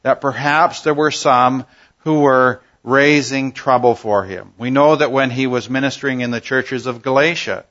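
A man teaching a Bible passage verse by verse, unhurried and thoughtful, pausing often with "uh". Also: medium pitch, fairly bright tone, dull audio. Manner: unhurried, thoughtful, with frequent "uh" pauses.

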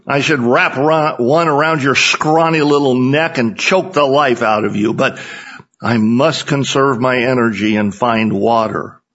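Joke figure: an angry, parched fugitive who yells and sneers, as a man puts him on, husky and slow. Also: mid-range voice, lo-fi sound. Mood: angry shouting. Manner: shouting, scornful. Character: desperate hot-tempered man fugitive, parched.

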